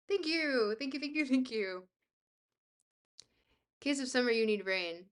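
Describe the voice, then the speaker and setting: A woman's voice: sits high, expressive, a little slow, long pauses. A young woman livestreamer chatting casually with her viewers, bubbly, goofy and self-deprecating. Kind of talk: casual chat, reading viewer messages.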